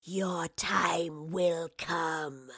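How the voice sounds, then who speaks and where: A woman voicing a menacing, inhuman wraith in a storybook reading, speaking in a slow, whispery hiss. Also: fairly low pitch, fairly bright tone, slightly rough, no room sound, clean studio sound, full character voice. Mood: cold hiss.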